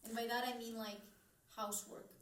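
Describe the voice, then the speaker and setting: A woman's voice: a little high, little pitch movement, fairly quick, fairly bright tone, recorded from a distance, slight background noise. A woman in her twenties, co-hosting a podcast in casual, rambling chat full of "like". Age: 20s. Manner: rambling, heavy use of "like". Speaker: podcast co-host. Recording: faint, echoey, mic off.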